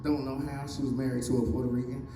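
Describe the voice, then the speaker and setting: A man's voice: mid-range voice, flat delivery, fast talker, echoey room, far from the mic, music in the background. Southern man doing loose stand-up. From Virginia, USA. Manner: loose, rambling delivery with many fillers, acting out other people's voices. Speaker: stand-up comedian. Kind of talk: stand-up comedy set.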